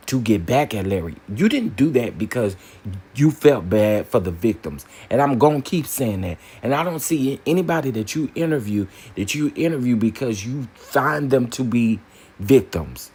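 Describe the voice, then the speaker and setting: A man hosting a casual opinion commentary, emphatic and animated, repeating phrases for punch. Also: medium pitch, moderate pace, slightly rough. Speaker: commentary channel host.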